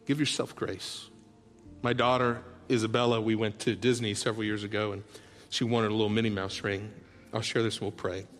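A man preaching a sermon as a pastor, telling tender stories in a soft voice and building to loud, rallying calls to the congregation. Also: lowish voice, little pitch movement, fairly quick, hardly any pauses. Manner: heartfelt storytelling that swells into loud rallying calls; drops to soft, hushed tones for tender moments. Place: large church auditorium. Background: soft background music.

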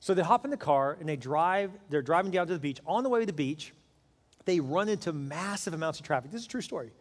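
A man's voice: a little high, lively intonation, fast, long reverb tail. A man preaching a sermon, telling a story with acted-out voices and building to urgent appeals. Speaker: pastor.

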